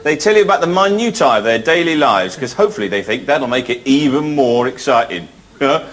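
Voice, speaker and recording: A man performing a stand-up comedy routine on a stage, telling wry stories with animated asides. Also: mid-range voice, a little fast. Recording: live club set with loud audience.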